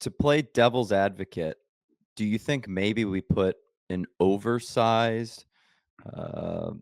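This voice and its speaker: A man hosting a podcast interview, asking measured questions and giving brief acknowledgements. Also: lowish voice, big pitch swings, creaky, a little mellow, dry recording, studio quality. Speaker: podcast host.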